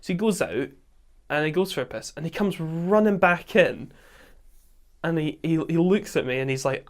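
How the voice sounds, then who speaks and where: A man with a Scottish accent, hosting a podcast and telling a camping story in a casual, animated way, acting out quotes and laughing often. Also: on the high side, normal speed. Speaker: podcast host.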